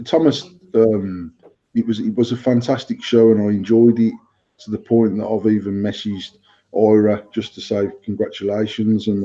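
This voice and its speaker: A podcast co-host with a mid-range, dark voice and a breathy edge rambles through casual chat, swearing and repeating himself. The sound is dull and lo-fi.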